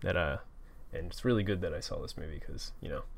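A man's voice: deep voice, quick pace, gravelly. A man in a casual film chat, laid-back and self-deprecating, swearing offhandedly. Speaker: podcast co-host.

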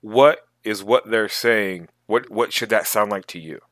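A man co-hosting a casual podcast, talking in animated, emphatic bursts. His fairly low voice has a bright, forceful edge. The recording is dry, with no room sound. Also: measured pace, no room sound. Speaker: podcast co-host. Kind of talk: casual chat about tabletop gaming.

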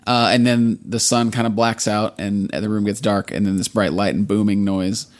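A man's voice: on the low side, steady tone, normal speed. A man casually recapping a TV episode, rambling and swearing a lot, filling his speech with "like.". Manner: profane, rambling, lots of "like". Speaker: podcast co-host.

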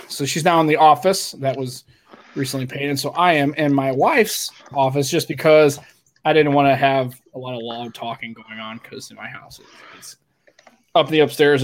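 A middle-aged man hosting a podcast from his home office over a video call, chatting casually in a rambling, teasing way. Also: medium pitch. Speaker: podcast host. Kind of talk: casual chat. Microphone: webcam video call.

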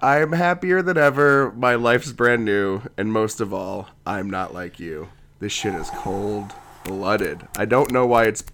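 A laid-back man co-hosting a comedic podcast, dry and wry as he talks. His voice sits on the low side, and he is getting over a cough. He reads aloud in the same easy tone. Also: takes it slowly, fairly bright tone. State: has a lingering cough. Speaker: podcast co-host. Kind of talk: casual comedic chat and reading a poem aloud.

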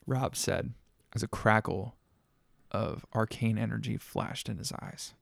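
Gravelly male storyteller. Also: medium pitch, measured pace, dry recording, clean studio sound. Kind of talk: spoken storytelling narration.

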